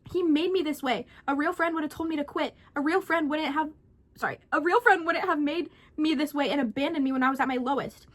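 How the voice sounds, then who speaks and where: A desperate young man in a read-aloud horror story pleads and blames in turn, voiced by a woman. The voice stays high and bright rather than gruff. His manner is bitter and unhinged. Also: a little fast, natural voice. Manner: pleading then raging, blaming.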